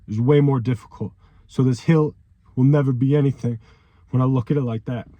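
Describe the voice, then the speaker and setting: A man's voice: mid-range voice, steady tone, brisk, dry recording, muffled recording. A young man giving an emotional, profanity-laced motivational monologue, often ending sentences with "man", with repeated phrases. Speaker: vlogger.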